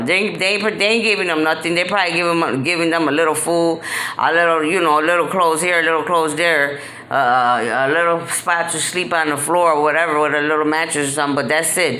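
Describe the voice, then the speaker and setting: A woman's voice: low-pitched, pushed and bright, a little hiss or hum. A woman speaking straight to the camera in an impassioned vlog monologue. She talks bluntly, often in street slang, repeats herself for emphasis and fills her speech with "you know". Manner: emphatic and repetitive, many "you know" fillers. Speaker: vlogger.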